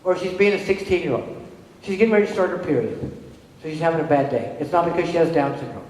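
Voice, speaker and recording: A woman's voice: low-pitched, slight background noise. A middle-aged woman and parent giving a conference presentation to an audience, telling stories conversationally and checking in with the room. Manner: animated storytelling with quick restarts. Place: large hall with an audience. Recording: very echoey hall with long reverb.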